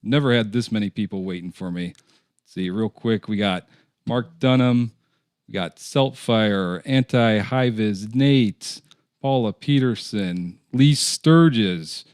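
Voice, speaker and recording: A man hosts a casual live-stream interview in an easygoing way. His voice sits low, and the sound is dry and close. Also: slow pace, a little mellow, clear, resonant tone, no room sound. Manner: easygoing, reads chat names aloud. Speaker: host.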